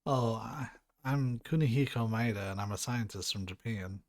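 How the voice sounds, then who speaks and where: A man's voice: medium pitch, normal speed, no echo, studio quality, natural voice. A man reading a timid, stammering scientist. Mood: nervous. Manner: hesitant, stammering, quiet. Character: timid, apologetic male scientist.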